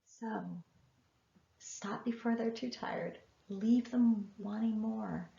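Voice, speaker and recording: A woman's voice: on the high side, steady tone, takes it slowly, creaky, dark tone. A woman, a writing educator, giving a masterclass lecture with earnest, emphatic advice to parents. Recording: echoey room, dull lo-fi sound.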